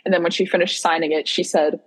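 A young woman talks over a video call in a relaxed podcast chat, with a slightly husky, fairly low voice. She tells her story with plenty of energy, jumps into quoted lines and laughs between them. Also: fast talker. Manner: animated storyteller who acts out quotes and laughs often. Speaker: podcast guest co-host.

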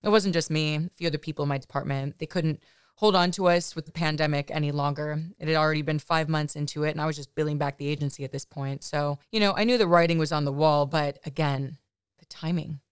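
A woman's voice: deep voice, fairly even intonation, fast, clear, resonant tone, no room sound, studio quality. A woman podcast host telling a personal story in a candid, chatty way, often adding "you know" asides.

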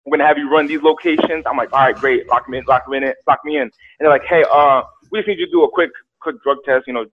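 A young man telling a story casually, animated, acting out quotes and repeating words. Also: mid-range voice, quick pace. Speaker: guest telling his story. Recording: tinny phone-like sound.

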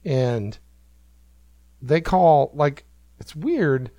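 A man's voice: a little high, lively intonation, very slow, warm tone, no echo. A man hosting a podcast, telling a story in a rambling, self-amused way with many fillers. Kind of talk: casual storytelling.

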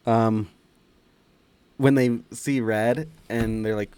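A man's voice: medium pitch, fairly even intonation, takes it slowly, darkish tone, slight background noise. A man co-hosting a film podcast in casual chat, laughing often and quoting movie lines in funny voices. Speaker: podcast co-host.

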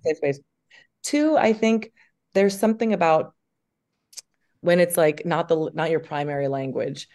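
Chatty woman with a gravelly edge. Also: low-pitched, unhurried, long pauses. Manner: animated, chatty, with many fillers. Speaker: actress, guest. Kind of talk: casual interview chat.

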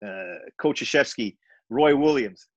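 Animated middle-aged storyteller, dry sound. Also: male voice, mid-range voice, measured pace, dry recording, lo-fi sound. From Montreal, Canada. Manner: animated, acts out dialogue in his stories. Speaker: retired basketball coach, guest. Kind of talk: storytelling in a podcast interview.

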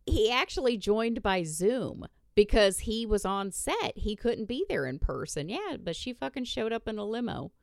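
A woman's voice: medium pitch, sing-song, moderate pace, vocal fry, few pauses, dry recording, clean studio sound. A woman hosting a podcast, ranting bluntly and swearing in casual chat. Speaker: podcast host.

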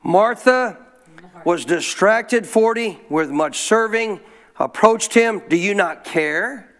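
High-voiced preaching man. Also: lively intonation, slow pace, fairly bright tone. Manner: preaching with call-and-response, quoting scripture. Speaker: pastor. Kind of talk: sermon.

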